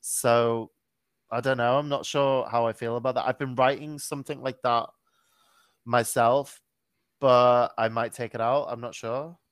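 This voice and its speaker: Smooth-voiced man, casual podcast chat. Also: medium pitch, fairly even intonation, a little slow, no echo. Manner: swears freely, lots of ums and self-corrections. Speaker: podcast co-host.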